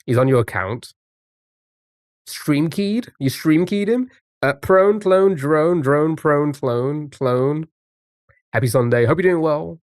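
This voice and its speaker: A man's voice: on the high side, takes it slowly, a little mellow, dry recording, clean studio sound. A man streaming live, chatting casually with viewers and thinking aloud while guessing words. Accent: non-American English.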